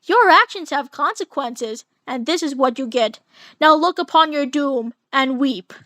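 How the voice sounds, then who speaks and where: A woman's voice: high-pitched, lively intonation, measured pace, fairly bright tone, dry recording. A woman reading as a taunting evil villain. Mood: gloating. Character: menacing male villain who turns evil. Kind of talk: amateur fanfic reading.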